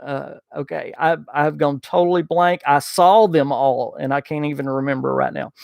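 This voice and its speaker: A man with a thick Southern US drawl hosts a gaming podcast livestream, reading viewer super chats in a folksy, chatty way and sometimes losing his train of thought. His voice sits a little high for a man and carries a gravelly, fry-laden texture. The recording is dry and close, with no room sound. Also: fairly even intonation, normal speed, no room sound, muffled recording. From Southern United States. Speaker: podcast host.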